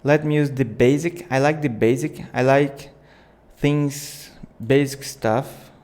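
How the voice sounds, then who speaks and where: A man hosting a live video editing tutorial, thinking aloud in unhurried, with small slips. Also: medium pitch, steady tone, darkish tone. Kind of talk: live screen-share tutorial.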